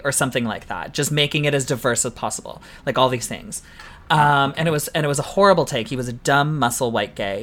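Animated man co-hosting a casual podcast. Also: mid-range voice, brisk. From Canada. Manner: animated, swears casually, many likes and you knows. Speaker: podcast co-host, drag queen.

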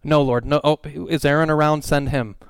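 A man puts on a reluctant prophet who stammers and pleads in a raised, lifted voice, clean and smooth, close and dry on the mic. Each excuse comes out anxious and halting. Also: on the high side, steady tone, dry recording. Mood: pleading.

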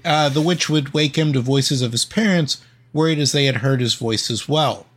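A man's voice: mid-range voice, normal speed, a bit bright. A man co-hosting a podcast, reading a ghost story from notes with many ums and uhs.

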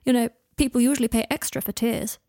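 A woman voicing a guarded, emotional young male wizard in a quiet, shaky, self-conscious way. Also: fairly high pitch, fairly even intonation, fast, dry recording, studio quality, lightly acted. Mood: subdued.

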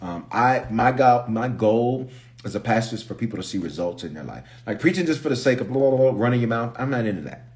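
A man, a pastor, chatting casually on a livestream and reading viewer comments aloud with lively energy. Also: medium pitch, fairly quick.

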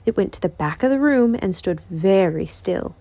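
A woman reading a children's picture book aloud as host of a reading channel, in an expressive, lilting voice. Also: mid-range voice, moderate pace.

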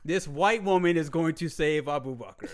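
A young man casually pitching a comedy movie idea, animated and profane, often correcting himself. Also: normal speed. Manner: animated storytelling, swears a lot, self-correcting.

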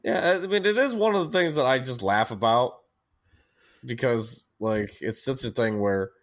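A man's voice: medium pitch, animated, normal speed. A young man co-hosting a podcast in casual chat, rambling and laughing at himself. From United States. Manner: rambling, self-mocking, laughs often. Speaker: podcast co-host.

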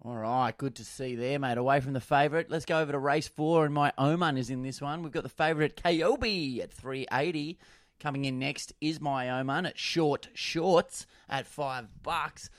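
Joking man, higher-pitched voice. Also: moderate pace, no echo, clean studio sound. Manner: quips and puns on horse names. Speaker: podcast host. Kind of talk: jokey racing preview banter.

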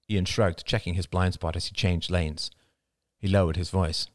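A man narrating an audiobook with an expressive storytelling delivery. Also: low voice, normal speed, no room sound, clean studio sound. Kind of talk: scripted narration.

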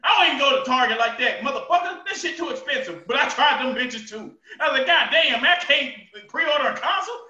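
A man with a very high, sharp voice rants profanely in a loose podcast chat. He breaks into shouts and bursts of laughter. The recording sounds distant and dull, with a roomy echo. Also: animated, fast, few pauses. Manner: loud, profane ranting with shouted outbursts and laughter. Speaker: podcast co-host. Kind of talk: casual chat.

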